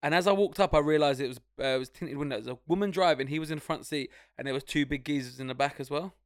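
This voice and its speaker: A young man tells stories on a podcast, full of swearing, and he puts on quick voices for the people in them. His voice sits a little high and has a gravelly fry. It is recorded dry and close to the mic. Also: no echo. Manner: swearing storyteller, acts out voices. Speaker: podcast co-host. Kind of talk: casual chat.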